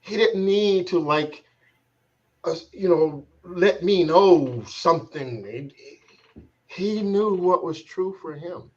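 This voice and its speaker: A man working as a transformation coach, telling a personal story in a reflective, halting way, restarting phrases as he searches for words. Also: sits high. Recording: slightly dull, muffled sound.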